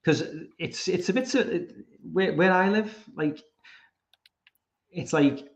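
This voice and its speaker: A man's voice: sits high, slow pace. A man from England, chatting casually as a podcast guest and rambling, often repeating words while he thinks. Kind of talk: casual chat. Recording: roomy, dull lo-fi sound.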